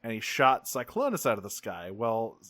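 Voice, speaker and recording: Profane, animated podcast co-host man. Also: fairly low pitch, dry recording. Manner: profane, animated, acts out characters in quick voices. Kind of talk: casual recap chat.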